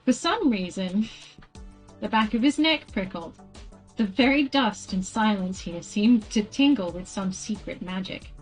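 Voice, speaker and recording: A woman's voice: mid-range voice, expressive, unhurried, soft background music, rough recording. A woman reading a storybook aloud on a stream in a casual way, often stumbling over words, correcting herself and apologizing.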